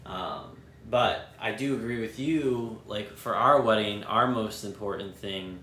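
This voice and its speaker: Low-voiced laid-back man, echoey room. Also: measured pace, a bit bright, slight background noise. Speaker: podcast co-host. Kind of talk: casual podcast chat.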